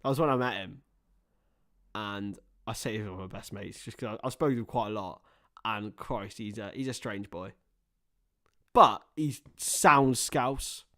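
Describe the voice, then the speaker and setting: A young man hosting a live match watchalong, chatting casually and rambling between topics, with excited bursts of play-by-play. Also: fairly low pitch, normal speed. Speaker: livestream host.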